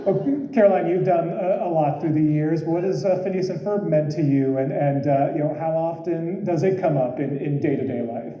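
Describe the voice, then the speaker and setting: High-voiced male panel moderator. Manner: friendly, halting questions. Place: large convention hall. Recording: echoey hall, muffled sound.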